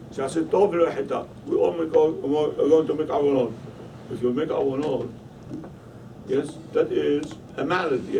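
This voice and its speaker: High-pitched rabbi man teaching a class, keeps asking the room questions, mic set back from him, faint hum. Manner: emphatic, questioning the listeners. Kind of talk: Torah lesson. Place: study hall. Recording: voice from a distance, faint room noise.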